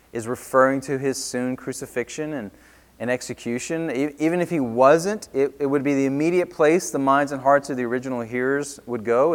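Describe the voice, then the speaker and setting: A man preaching a sermon in an earnest, emphatic way, often restarting his words. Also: on the high side. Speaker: pastor.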